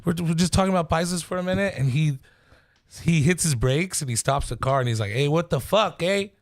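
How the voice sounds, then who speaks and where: A man's voice: a little high, fast talker, no room sound. A man, a comedian guest on a podcast, chatting casually and telling rambling stories full of slang and swearing. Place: podcast studio.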